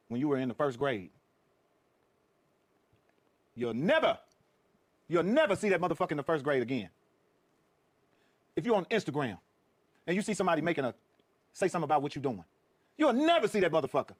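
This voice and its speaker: A man's voice: a little high, big pitch swings, quick pace, pauses often, no echo. A middle-aged man, a guest comedian, riffing and telling profane stories with emphatic, preachy repetition.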